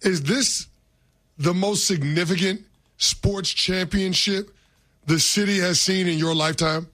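A man co-hosting a casual chat, with a voice that sits slightly high. He puts direct questions to his co-host. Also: a little slow, bright, forceful tone.

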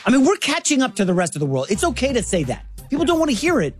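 A woman co-hosting a sports talk show, setting up segments in a chatty, lively way. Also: high-pitched, rapid-fire, husky, soft background music. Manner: conversational, lively, frequent restarts.

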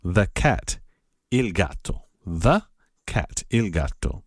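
A man giving a patient, casual spoken lesson, repeating words slowly and spelling them out. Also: deep voice, big pitch swings, husky, no room sound, clean studio sound. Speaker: Italian language teacher.

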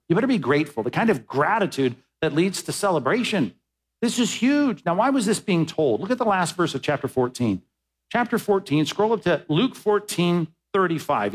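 A man preaching with a slightly high voice that leaps up on stressed words and drops low for quiet points. He speaks as a pastor delivering a sermon, emphatic and swinging between rousing and conversational. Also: poor audio. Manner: conversational asides to the congregation.

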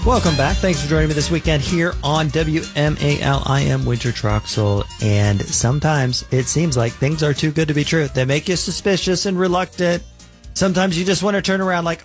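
A man's voice: on the high side, fairly quick, breathy edge, soft background music. A man hosting a weekend radio show, telling a personal story in a chatty, conversational way. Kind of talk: casual radio talk.

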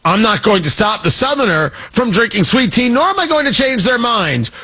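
Sarcastic, lively male talk host. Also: high voice, moderate pace, slightly rough. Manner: sarcastic and mocking, with frequent restarts. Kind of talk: opinionated talk show monologue.

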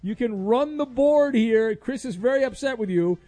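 High-voiced joking radio host. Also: male voice, animated, normal speed, dark tone, no room sound. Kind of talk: radio call-in game show.

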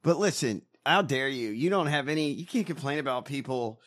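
A man's voice: mid-range voice, animated, fairly quick, fairly bright tone. A man co-hosting a casual political chat, blunt and profane, mocking politicians. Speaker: podcast co-host.

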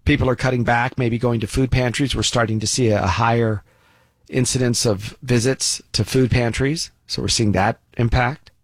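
A man's voice: mid-range voice, steady tone, normal speed, no room sound. A man giving an opinion commentary monologue in a folksy, sarcastic way with many asides.

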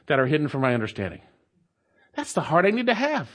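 A male pastor preaching an expository sermon, emphatic, repeating key phrases with long dramatic pauses and slowing down to stretch out words. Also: high voice, sing-song, a bit bright. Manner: stretches words slowly for emphasis, then speeds up.

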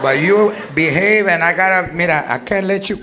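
A man's voice: high-pitched, normal speed, very noisy, voice pushed down, lightly acted. A man on a comedy stage playing a strict grandmother who scolds a young boy, mixing Spanish slang into her English. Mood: threatening. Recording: live club, loud audience laughter.

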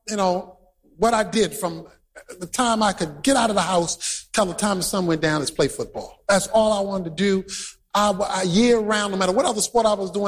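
A man preaching a sermon to a congregation, storytelling with bursts of shouted emphasis. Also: high voice. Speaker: pastor. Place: large church hall. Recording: reverberant hall, husky tone.

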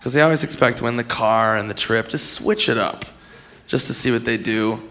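A man's voice: medium pitch, fairly quick, fairly bright tone. A man doing a stand-up set, rambling loosely and swearing often. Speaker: stand-up comedian.

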